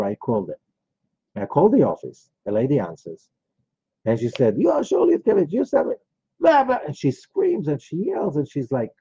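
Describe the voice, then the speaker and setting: A man's voice: medium pitch, warm tone, husky, no room sound. A man, a rabbi, teaching a class in a conversational way, telling personal stories with many asides. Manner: conversational, rambling, with frequent asides. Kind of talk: informal lecture with storytelling. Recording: dull, lo-fi recording.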